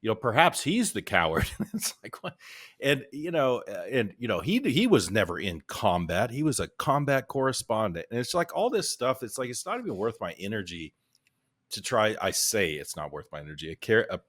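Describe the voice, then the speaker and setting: A man's voice: lowish voice, big pitch swings, a little fast, fairly bright tone. A man on a casual podcast, talking in a weary, resigned way. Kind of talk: casual chat.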